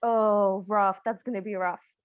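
A woman's voice: mid-range voice, steady tone, a little slow, no room sound, highs cut off. A woman co-hosting a podcast, chatting casually and playfully, often laughing as she retells a cartoon. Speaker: podcast co-host. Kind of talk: casual chat.

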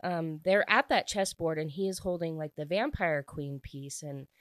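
A woman casually recapping a book's plot, chatty and animated, peppering her talk with "like.". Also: sits low, normal speed, dry recording. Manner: chatty, heavy use of "like" fillers; excitable and animated when reacting. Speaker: book reviewer.

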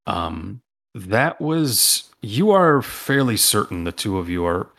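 A man's voice: low voice, gravelly, a bit bright. A man running a tabletop role-playing game as game master, rambling with many ums and restarts.

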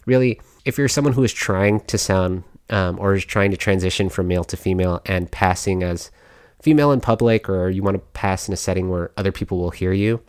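A man's voice: sits low, fairly quick, a little mellow, clear, resonant tone, dry recording. A man hosting a podcast, talking in a casual, rambling way with many fillers and little laughs. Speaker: podcast host.

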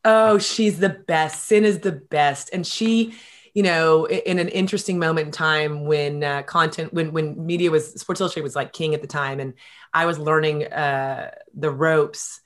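A middle-aged woman telling stories in a casual interview, animated and quick, with many fillers. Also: low voice. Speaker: guest.

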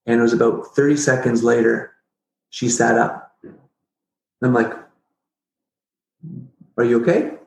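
Middle-aged man, mid-pitched, guest telling a story with a joking streak, recorded in a roomy, echoey space. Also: a little slow, vocal fry, pauses often. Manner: animated, jokey, acts out his own past reactions. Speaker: podcast guest. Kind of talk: casual storytelling interview. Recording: roomy echo.

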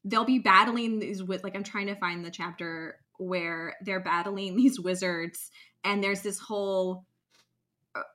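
A woman co-hosting a podcast, chatting casually about a book with lots of "like" and animated reading of quotes. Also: medium pitch, unhurried. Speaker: podcast co-host. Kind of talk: casual book chat, reading excerpts aloud.

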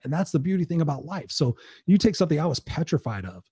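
A middle-aged motivational speaker hosting a casual livestream, his voice sitting a bit high yet mellow and dark in tone. He talks with energy and emphasis and swears freely. The sound is close and dry. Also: sing-song, fast, slightly rough, no echo.

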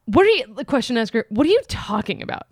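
A woman's voice: fairly high pitch, sing-song, quick pace, no echo, studio quality. A woman co-hosting a podcast in casual comedic chat, teasing and playful with a pushy streak. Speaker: podcast co-host.

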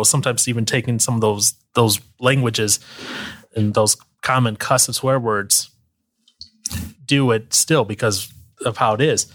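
A man's voice: mid-range voice, a bit bright. Chatty man musing on faith. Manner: conversational, rambling with fillers and quoted asides. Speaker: podcast co-host. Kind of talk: casual chat about faith.

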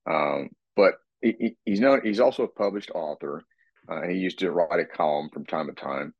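A man with a very deep, husky voice talks in a relaxed, rambling way, often restarting his sentences as he explains things. The sound is dry and a bit dull, like a lo-fi recording. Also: normal speed, no room sound. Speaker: co-host, fitness expert. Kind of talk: casual podcast chat.

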